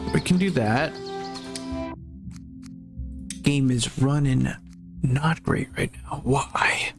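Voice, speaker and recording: A tired young man hosting a game stream, rambling casually and swearing now and then while he sorts out the settings. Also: on the high side. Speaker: gaming streamer. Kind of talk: casual gameplay stream talk.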